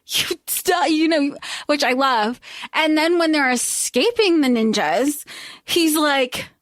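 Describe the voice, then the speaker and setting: A woman co-hosting a podcast, casually retelling a film's plot and acting out the characters' lines in quick voices. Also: sits high, expressive, fairly bright tone, no room sound, clean studio sound. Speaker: podcast co-host. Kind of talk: casual chat recapping a film.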